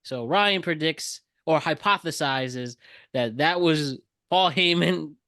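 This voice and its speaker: A man hosting a casual podcast, explaining things to listeners with quick asides. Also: a little high, fairly bright tone, no room sound. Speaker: podcast host.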